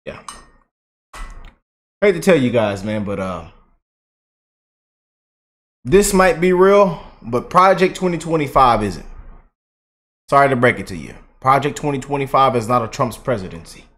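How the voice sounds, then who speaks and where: Animated man riffing on a vlog. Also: mid-range voice, measured pace, pauses often. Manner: animated, slangy, mocking asides. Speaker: political commentary YouTuber. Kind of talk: casual commentary vlog.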